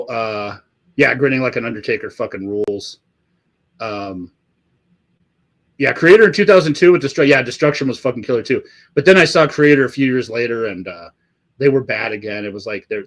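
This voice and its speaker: A man's voice: medium pitch, a bit bright. A middle-aged man hosting a live stream, chatting loosely and swearing in nearly every sentence after a few drinks. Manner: profane, rambling, swears constantly. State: has been drinking. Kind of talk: casual live-stream chat.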